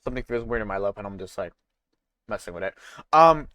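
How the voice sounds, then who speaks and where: A man's voice: lowish voice, lively intonation, quick pace, long pauses, a bit bright, no room sound. A man streaming a game, chatting casually with laughing asides. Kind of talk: casual chat while playing.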